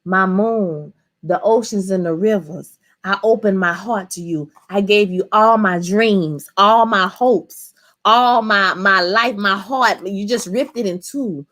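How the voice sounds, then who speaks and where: Heartbroken pleading woman, slow and drawn out, as a reviewer puts her on. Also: mid-range voice, fairly bright tone. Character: heartbroken woman pouring out old love.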